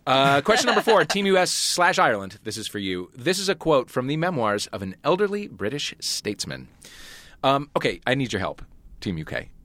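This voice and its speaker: A man hosts a comedy quiz podcast with wry, joking banter. His pitch swoops and bounces as he talks. The sound is close and dry, with no room around it. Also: fairly quick, no room sound. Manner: wry, joking, lively delivery. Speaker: quiz host.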